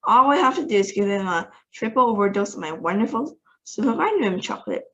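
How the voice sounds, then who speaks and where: A woman's voice: medium pitch, very animated, fast talker, pushed and bright, lo-fi sound. A woman doing a breezy, eccentric chocolate maker. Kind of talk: storybook reading aloud.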